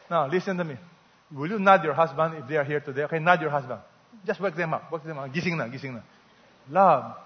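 A male pastor preaches with emphasis and calls for answers from the congregation. His voice sits high for a man, with a long church-hall reverb behind it. The recording sounds dull and lo-fi. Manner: emphatic, call-and-response with the congregation. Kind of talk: sermon.

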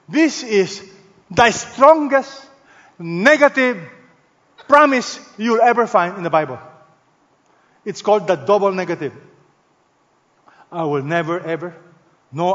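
A man preaching a sermon as pastor, leaning hard on stressed words and swinging between loud emphasis and hushed, slow phrases. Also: fairly high pitch, long reverb tail, lo-fi sound.

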